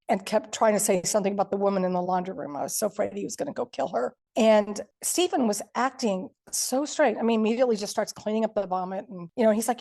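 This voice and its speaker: A woman's voice: medium pitch, fast, creaky, warm tone. A woman, a podcast guest, vividly retelling a frightening personal story and acting out the quotes.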